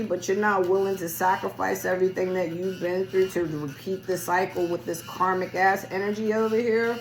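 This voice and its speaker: Woman, card reader, low-set voice, casual and salty, voice worn thin, faint music behind. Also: low-quality recording. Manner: chatty, loose and profane, talks straight to the listener. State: losing her voice. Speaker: tarot reader. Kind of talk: casual spiritual card reading. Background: music playing.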